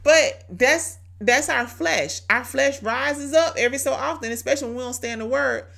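A woman's voice: high voice, normal speed, gravelly, fairly bright tone. A woman hosting a devotional podcast, exhorting listeners in a conversational, preachy way, with rhetorical questions and repeated key phrases. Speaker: podcast host.

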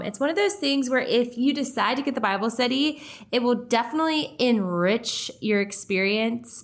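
A woman's voice: medium pitch, a bit bright. A young woman hosting a faith podcast in casual, upbeat chat. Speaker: podcast host.

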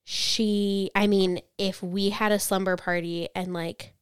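Podcast co-host, woman, smooth clear voice, dry close mic, chatty true-crime storyteller. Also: medium pitch, slow, no room sound. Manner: chatty, reads quotes flatly then reacts.

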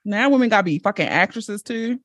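A woman's voice: medium pitch, expressive, brisk, dry recording, clean studio sound. A woman hosting a podcast in casual chat, blunt and laughing often. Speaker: podcast host.

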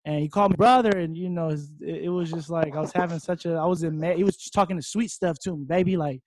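A young man from Hawaii telling his story as a fighter in a casual interview, rambling and excitable, now and then bursting into loud shouts. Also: a little high, quick pace.

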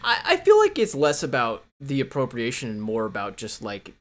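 A man's voice: medium pitch, wildly swooping pitch, moderate pace, a bit bright. A man co-hosting a casual movie podcast, blunt and profane, retelling scenes with laughs. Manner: blunt, swears, laughs between lines. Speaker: podcast co-host.

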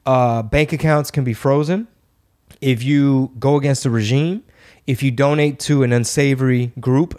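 A man's voice: medium pitch, steady tone, normal speed, a little mellow. A man hosting a podcast, chatting casually in a sarcastic, ranting way. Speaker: podcast host. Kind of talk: casual chat.

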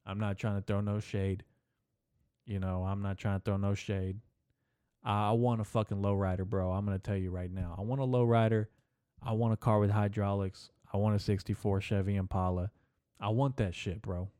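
A man's voice: lowish voice, little pitch movement, normal speed, mellow, smooth, no room sound. A man hosting a podcast, ranting in a profane, rambling, emphatic comedic way into a close mic. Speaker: podcast host. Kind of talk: casual comedic rant.

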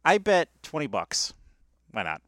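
A man co-hosting a casual sports betting podcast, talking hesitantly with many fillers and soft laughs. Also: a little high, huge pitch swings, a little slow, no echo. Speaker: podcast co-host.

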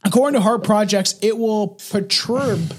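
A man's voice: high voice, normal speed, husky. A man co-hosting a casual podcast, reading an article aloud with many fillers and restarts while drinking scotch. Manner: stumbling reader, frequent restarts and fillers. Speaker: podcast co-host.

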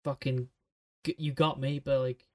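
A man's voice: medium pitch, little pitch movement, measured pace, darkish tone. Blunt, sweary young man. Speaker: podcast co-host. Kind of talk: casual chat.

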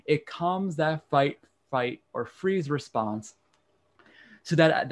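Man, podcast guest, calm, measured, explanatory, mid pitch. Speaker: podcast guest, tapping practitioner. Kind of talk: explanatory interview talk.

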